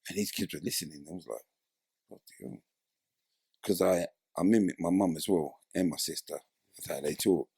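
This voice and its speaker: The interview guest, a former footballer, speaks briskly in a low, creaky voice with a breathy edge, bringing his story to life by acting out its characters' voices. It's a casual interview captured in clean, dry studio sound.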